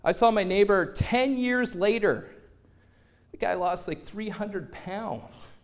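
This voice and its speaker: A man giving a motivational stage talk, a lively storyteller who acts out quoted lines in other voices. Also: sits high, slow pace. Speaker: motivational speaker.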